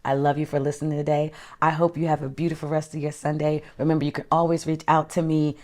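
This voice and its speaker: Woman, low pitch, life coach, motivational talk, emphatic, animated, affectionate pet names. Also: fast. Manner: emphatic, animated, calls listeners honey and child.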